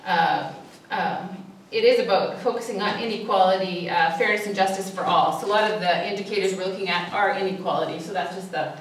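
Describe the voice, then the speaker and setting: A woman who is a social worker gives a public talk with slides, telling a story and acting out cries for help, with many fillers and pauses. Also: mid-range voice, a little hiss or hum. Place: church hall. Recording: echoey hall, distant mic.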